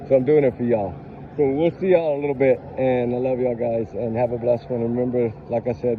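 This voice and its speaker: A man, talking in an upset, preachy way as he vlogs outdoors on his phone. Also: medium pitch. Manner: upset, preachy, Southern-style y'all talk. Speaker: true crime vlogger. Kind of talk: emotional casual vlog talk. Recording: dull lo-fi phone audio with faint street noise.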